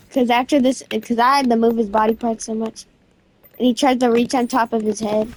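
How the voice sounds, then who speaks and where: A woman narrating a game event in a casual, excited, slangy way, restarting her sentences again and again. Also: on the high side, a little fast. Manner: rambling storytelling with constant restarts. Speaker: gaming video creator.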